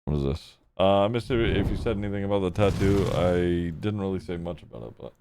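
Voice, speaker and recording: A young man streaming live, chatting casually as he reacts to videos, laughing, swearing and thinking out loud. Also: deep voice, expressive, fairly quick, noisy background.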